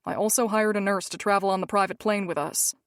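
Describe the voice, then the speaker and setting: A woman's voice: medium pitch, fast talker, dry recording, studio quality, close to an everyday voice. A woman voicing a protective, commanding mafia man who gives curt, bored orders.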